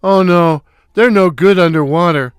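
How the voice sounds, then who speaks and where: A man voicing a brash, wisecracking middle-aged comedian with a loud foghorn voice, firing off punchy gags in a comic story reading. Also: sits high, normal speed, clean tone, dry recording, clean studio sound, lightly acted.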